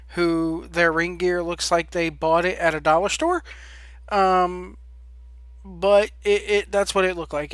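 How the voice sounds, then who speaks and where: A man's voice: sits high, fairly bright tone, dry recording, studio quality. A man hosting a wrestling podcast, giving blunt, sarcastic opinions in a casual rant, full of ums and restarts. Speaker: podcast host.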